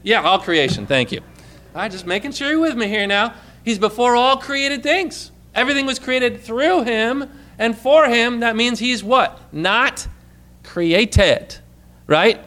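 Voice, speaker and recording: Male preacher, high and bright, teaching a sermon with call-and-response questions. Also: lively intonation, a little slow. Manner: asks the congregation questions and prompts answers; reads scripture aloud with emphatic stress.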